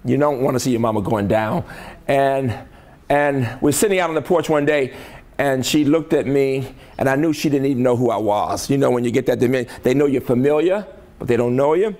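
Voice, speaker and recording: A man's voice: medium pitch, fairly quick, a little mellow. An older man from the American South, a college president giving a motivational keynote speech in a conference hall, emphatic and rhetorical, often checking in with his audience.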